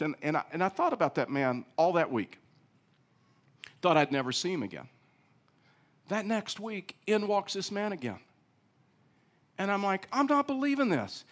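A middle-aged male pastor preaching a sermon, telling a story with big swings between loud and soft. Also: on the high side.

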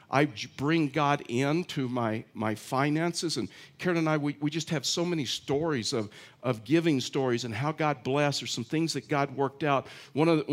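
A middle-aged male pastor giving a conversational sermon, telling stories with frequent restarts. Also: mid-range voice. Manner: chatty storytelling, many restarts.

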